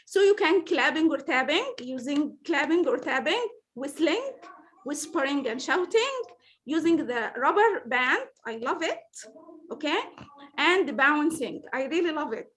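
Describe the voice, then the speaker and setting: High-voiced woman leading a teacher training. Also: expressive, unhurried, fairly bright tone. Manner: patient, repeats words, many fillers. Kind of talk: online teacher training session.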